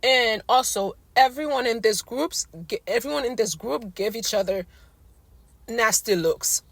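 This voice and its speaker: A woman's voice: fairly high pitch, normal speed, vocal fry, no room sound. A woman ranting casually to her viewers in a blunt, slangy, exasperated way while she is losing her voice. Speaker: recap vlogger. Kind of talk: casual rant to camera.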